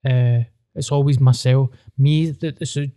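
Mellow-voiced blunt Scottish comedian. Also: male voice, mid-range voice, fairly even intonation, a little slow, clear, resonant tone, no room sound, studio quality. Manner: blunt, self-mocking storyteller. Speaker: stand-up comedian. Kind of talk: casual podcast chat.

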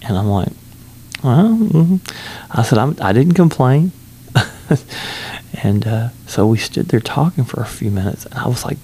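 A man telling a rambling, amused story about a trip in a casual vlog, with lots of fillers and restarts, sometimes dropping into a hushed whisper. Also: lowish voice, gravelly, husky. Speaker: solo traveler telling a story.

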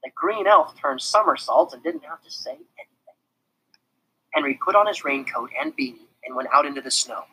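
An expressive narrator reading a children's chapter book aloud, sometimes dropping to a whisper. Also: mid-range voice, moderate pace, slightly rough, rough recording. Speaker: storybook narrator.

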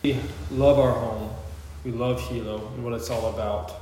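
A man's voice: medium pitch, steady tone, moderate pace, mellow, slight background noise. A man, co-hosting a casual chat in an easygoing, joking way. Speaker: podcast co-host. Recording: echoey room.

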